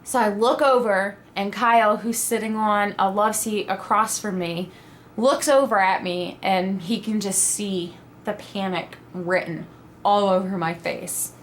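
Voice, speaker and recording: A young adult woman telling a personal story in a casual, animated vlog style, acting out her own quoted reactions. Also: mid-range voice, a little slow, slight background noise. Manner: animated, dramatic retelling with quoted asides. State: pregnant (at the time told). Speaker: vlogger.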